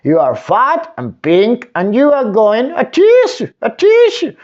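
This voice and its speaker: A man doing squeaky little Mister Dizzy. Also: wildly swooping pitch, slow pace, dull audio, exaggerated voice. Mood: triumphant. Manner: high, squeaky, sing-song. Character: simple, gentle little storybook man.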